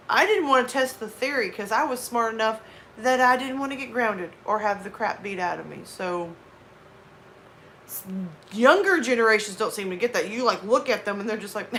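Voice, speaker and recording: A livestream host in her thirties, from the American South with a Southern US accent, casually chats with her live chat as she reads it, rambling through asides. Her medium-pitched voice has a sharp tone. A little hiss or hum can be heard.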